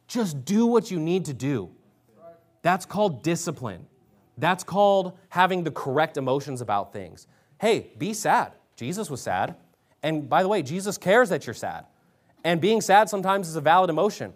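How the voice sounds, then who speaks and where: A man's voice: on the high side, lively intonation, normal speed. A man preaching a sermon, exhorting his listeners and reading scripture aloud with emphasis. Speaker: pastor.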